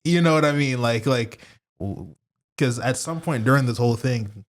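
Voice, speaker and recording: A man's voice: mid-range voice, lively intonation, moderate pace. Rambling young man on a podcast. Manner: rambling, lots of fillers, laughs often. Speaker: podcast co-host. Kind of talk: casual chat.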